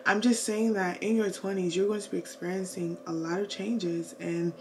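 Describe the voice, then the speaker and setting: A woman's voice: mid-range voice, steady tone, moderate pace, background noise. A woman in her twenties chatting to camera while doing her makeup, earnest and full of "like", giving faith-based advice to her viewers. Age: 20s. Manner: chatty and earnest, heavy use of "like"; faith-filled, advising viewers. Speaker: beauty vlogger. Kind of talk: casual chat to camera. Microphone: camera mic while doing makeup.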